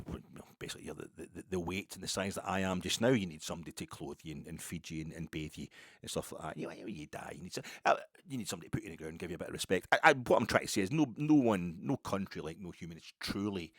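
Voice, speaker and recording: A Scottish man with a very low voice hosts a podcast in a rambling, self-mocking monologue. He swears freely and jokes at his own expense. The sound is dry and close, with no room echo. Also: breathy edge. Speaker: podcast host.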